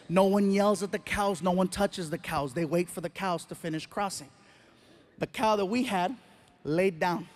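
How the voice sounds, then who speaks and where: A man doing a stand-up comedy routine on a live stage, animated and acting out scenes with sound effects. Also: sits high, a little hiss or hum.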